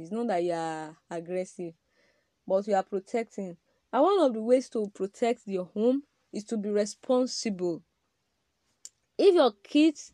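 Woman, podcast sermon style, emphatic, direct, mellow tone, dry recording. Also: on the high side, dry recording. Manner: emphatic, addresses men directly, rhetorical questions. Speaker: podcast speaker on marriage. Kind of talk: preaching-style talk.

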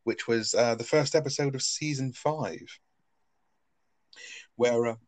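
Slow and medium-pitched, this male podcast co-host rambles through a recap of a sitcom episode, leaning heavily on fillers and laughing frequently. The casual chat has no echo.

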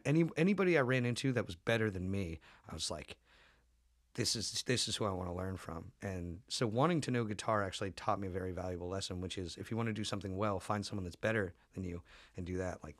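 A man's voice: on the low side, no room sound, clean studio sound. A young man telling loose, profane stories in a casual podcast chat, full of "um" and "like". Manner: loose, profane storytelling with lots of fillers.

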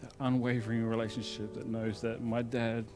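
Man preaching with soft music behind. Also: medium pitch, level tone, moderate pace. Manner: conversational storytelling, shifts between loud emphasis and soft asides. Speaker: pastor. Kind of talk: sermon.

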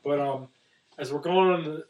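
A man walks through a film's story in an easy, chatty way. His voice sits slightly high. He sounds a bit distant, as if he is turned away from the microphone. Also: normal speed, darkish tone. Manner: recapping plot with fillers. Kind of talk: casual film chat.

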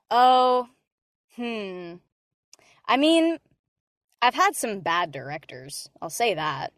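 A woman voice actor talks shop in a relaxed interview, animated and quick to laugh. Her voice sits at a middle pitch. The recording is close and dry, with no room echo. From Hispanic American. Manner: animated, laughs often, talks with her hands in words, many "like" fillers. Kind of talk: casual interview chat.

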